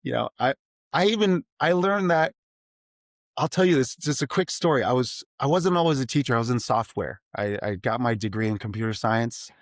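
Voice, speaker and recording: A middle-aged man, a math teacher and podcast guest, talking casually and animatedly, slipping into high put-on student voices as he tells stories. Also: brisk, dry recording, studio quality. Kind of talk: casual interview conversation.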